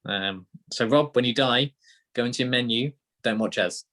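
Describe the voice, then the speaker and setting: A man's voice: mid-range voice, normal speed. Chatty British man, podcast co-host. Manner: chatty, relaxed, with many ums and uhs. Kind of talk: casual chat.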